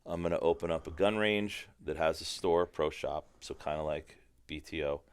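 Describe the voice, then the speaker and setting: Deep-voiced, smooth-toned man telling stories. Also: normal speed, no room sound. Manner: animated, profane storytelling. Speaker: firearms trainer, podcast guest. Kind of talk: casual podcast chat.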